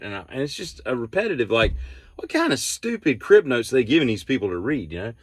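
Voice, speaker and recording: A man's voice: medium pitch, very animated, a little fast, no echo. A man telling a casual vlog story in a rambling, exasperated and sarcastic way. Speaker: vlogger.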